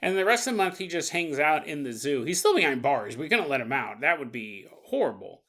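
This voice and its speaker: Fairly quick and animated, his voice sits on the high side with a bright, forceful tone. He's a man hosting a paranormal podcast, riffing for laughs, playing out little scenes, and laughing frequently.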